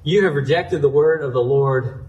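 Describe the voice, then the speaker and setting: A man's voice: a little high, normal speed, a little mellow, lo-fi sound, lightly acted. A man voicing a stern, sarcastic old prophet who delivers a curt rebuke during a sermon.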